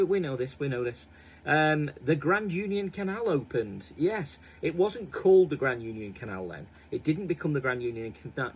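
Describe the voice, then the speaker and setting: A man's voice: medium pitch, slight background noise, poor audio. A man hosting a daily history channel, talking in a rambling, self-mocking way with chatty asides. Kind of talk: casual daily history chat.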